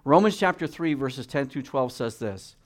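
A man preaching a sermon, reading scripture and swinging between loud emphatic peaks and quiet, low asides. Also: lively intonation, moderate pace.

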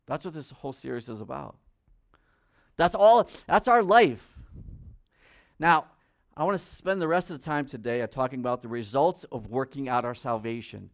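A pastor preaching a sermon. He asks the congregation direct questions, and his voice swings between loud emphasis and quiet, low asides. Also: expressive, moderate pace, vocal fry, long pauses.

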